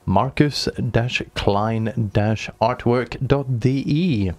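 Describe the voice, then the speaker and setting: A man co-hosting an online radio show, chatting casually in a halting way full of fillers, with dry humor. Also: medium pitch, a little mellow, faint music behind.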